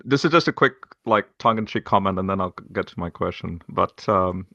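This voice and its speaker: A man's voice: low-pitched, fairly quick, gravelly, sharp tone, dry recording, lo-fi sound. A man co-hosting a debate review, talking casually in a tongue-in-cheek, joking way. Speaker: co-host of a debate review show. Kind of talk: casual discussion.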